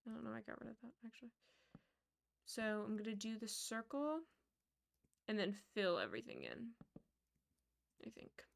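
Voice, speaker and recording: Creaky-voiced young woman streamer. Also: fairly high pitch, sing-song, normal speed, long pauses. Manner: mutters and counts under her breath, chatty storyteller. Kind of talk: casual chat while building in a game.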